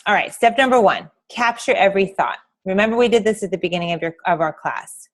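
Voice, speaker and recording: A woman's voice: medium pitch, fast. A middle-aged woman, leading a class in a chatty way, talking to her listeners as guys and acting out everyday reactions. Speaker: class instructor. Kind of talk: lively class talk on health and faith.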